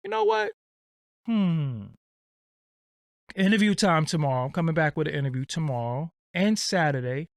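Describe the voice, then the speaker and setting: A man's voice: a little high, expressive, normal speed, long pauses, no room sound, studio quality. A man hosting his own livestream, ranting bluntly and casually with profanity and lots of fillers. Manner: blunt, profane, streetwise, rambling. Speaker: channel host.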